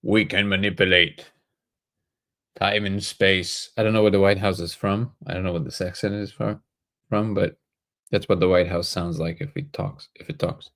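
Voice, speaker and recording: Male livestream host, slightly low pitch, easygoing, thinks aloud while answering chat. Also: a little fast. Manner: relaxed, thinks aloud, joking asides. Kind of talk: casual live chat answering viewer comments.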